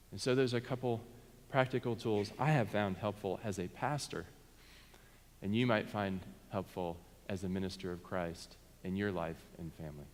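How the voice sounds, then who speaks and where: A bright-toned pastor with a voice on the high side leads a sermon, and the sanctuary around him is reverberant. He talks with his congregation directly, asking for their responses.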